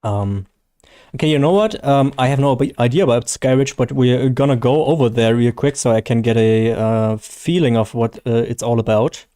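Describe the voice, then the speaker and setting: Mellow-voiced man with a German accent. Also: medium pitch, normal speed, clear, resonant tone, no echo, clean studio sound. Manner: hesitant, many fillers and restarts, self-deprecating. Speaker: live-stream host. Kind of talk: casual live-stream chat while gaming.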